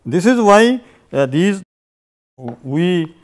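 A man's voice: sits high, lively intonation, drawn-out words. A man teaching a grammar lesson, explaining at length with many "you see"s and "uh"s, repeating examples. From India. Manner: repeats example phrases in two languages. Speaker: language teacher. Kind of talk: unscripted grammar lecture.

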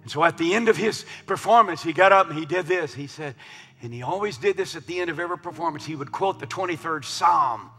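A man preaching a sermon in a large church, swinging from hushed murmurs to loud shouts. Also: on the high side, animated, fast, slightly rough. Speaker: pastor. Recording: long hall reverb with faint music.

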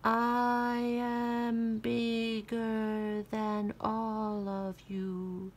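A woman reading aloud and voicing a boastful mummy who drags out each word in a slow, quiet drawl. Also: on the high side, monotone.

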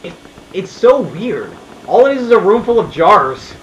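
A man's voice: sits high, big pitch swings, normal speed, a bit bright, dull audio, slight background noise. A man casually commenting on a video game with a co-host, joking and bantering. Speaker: let's play host. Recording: roomy echo, faint game music.

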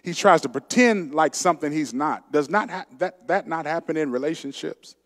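A man's voice: fairly high pitch, moderate pace, few pauses. A male pastor preaching a sermon emphatically, calling out to his congregation. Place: church sanctuary. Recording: long church sanctuary reverb.

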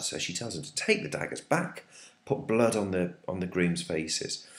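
Deep-voiced teacher talking through a text. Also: male voice, big pitch swings, moderate pace. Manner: chatty, questioning, full of ums. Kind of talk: literature lesson talkthrough. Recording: echoey room.

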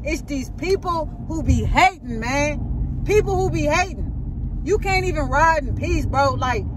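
A young adult woman vlogs from in or beside a car on a road, with outdoor road noise in the background. Her high voice is animated yet measured in pace as she vents in a rambling, shaken rant, repeating herself.

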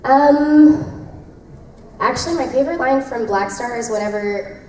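A woman's voice: sits high, a little slow, warm tone. A young woman voice actress at a convention panel, answering fan questions in a bubbly, rambling way with lots of fillers and laughter. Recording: echoey convention room, distant, faint noise.

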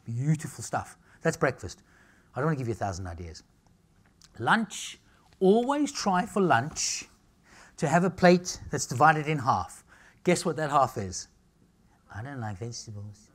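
A man's voice: fairly high pitch, very animated, normal speed. A middle-aged man holds forth at a live seminar. He talks in brash, punchy bursts, cracks jokes, and keeps asking his audience "all right?" before moving on. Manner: brash, punchy, jokey, asks "all right?" and "okay?" often. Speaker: nutritionist giving a talk.

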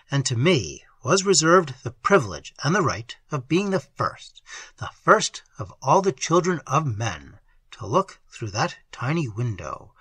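A man giving a dramatic, hushed reading of an old weird tale, dropping into whispers at times, recorded close on a dry mic. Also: mid-range voice, breathy edge, no room sound. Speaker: narrator. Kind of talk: scripted literary reading.

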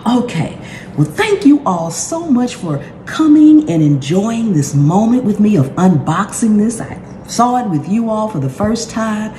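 A woman's voice: mid-range voice, measured pace. A woman hosting a cooking channel, talking through an unboxing in a casual, effusive way and exclaiming often. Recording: roomy with steady background noise.

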